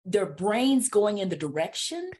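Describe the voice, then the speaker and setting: A woman's voice: medium pitch, very animated, a little slow, darkish tone, husky. Upbeat woman podcast host, laughing often. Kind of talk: conversational interview.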